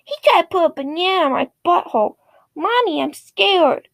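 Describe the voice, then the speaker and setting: A woman voicing a spoiled, whiny little boy who squeals and demands things in a shrill, high voice. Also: animated, moderate pace, vocal fry, heavily acted. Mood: scared.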